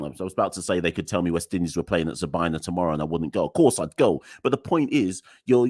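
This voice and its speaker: A young man, speaking in a very low, deep register close to a dry, dead-sounding mic. He hosts a live solo podcast and rants in a weary, exasperated way, sighing and laughing wryly. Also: darkish tone, no room sound. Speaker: podcast host.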